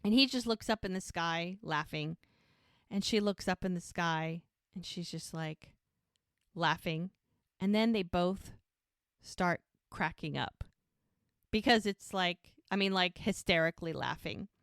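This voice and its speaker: A woman's voice: lowish voice, measured pace, fairly bright tone, dry recording, clean studio sound. A woman podcast co-host giving a chatty recap of a TV episode, telling it as a story and acting out the characters' lines. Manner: chatty storytelling, acts out quotes.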